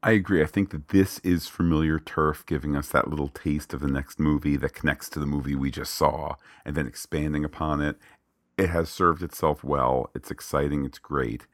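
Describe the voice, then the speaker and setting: A man with an extremely deep voice co-hosts a casual film podcast, talking with strong opinions and playful asides. He is recorded close and dry, with no room sound at all. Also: steady tone, moderate pace, no room sound. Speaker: podcast co-host.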